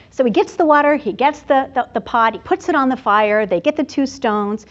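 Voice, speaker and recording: A woman presenter tells a fable at a university event in an expressive storytelling manner. Her voice sits somewhat high. The recording has a dull, lo-fi sound. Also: brisk, hardly any pauses.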